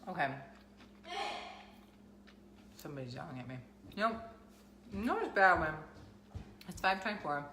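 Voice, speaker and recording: A woman's voice: sits low, lively intonation, measured pace, pauses often, pushed and bright, slight background noise. A woman, chatting casually to camera and rambling through everyday stories. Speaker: vlogger. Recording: echoey room with music playing.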